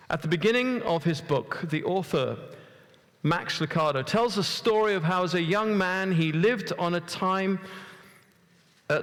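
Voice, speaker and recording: A man with a fairly high voice tells a story from the pulpit and keeps asking his listeners questions. He stumbles now and then, repeating a word before carrying on. His voice rings through a large church with a long echo. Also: a bit bright. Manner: storytelling, asks the congregation questions. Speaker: preacher. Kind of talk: conversational sermon.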